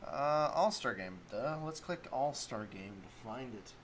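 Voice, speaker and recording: A man's voice: mid-range voice, expressive, a little slow, slight background noise. A man hosting a solo sports talk stream, rambling casually and thinking aloud while he looks up stats. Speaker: sports talk show host.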